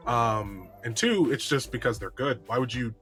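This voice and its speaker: A man co-hosting a gaming podcast in casual chat, excitable, jumping in with facts and lots of fillers. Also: mid-range voice, moderate pace, faint music behind. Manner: excitable, interrupts with trivia, many fillers. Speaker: podcast co-host.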